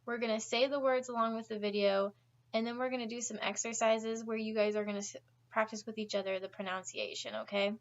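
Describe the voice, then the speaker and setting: A woman teaching English pronunciation, drilling word pairs slowly and encouraging her students as they repeat. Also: fairly high pitch, fairly even intonation, highs cut off. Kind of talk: slow, deliberate classroom drilling.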